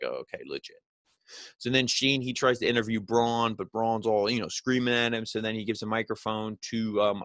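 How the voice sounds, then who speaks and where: Rambling low-voiced male podcast host. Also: fairly bright tone, no echo. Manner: rambling, filler-heavy, sarcastic. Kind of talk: casual review recap.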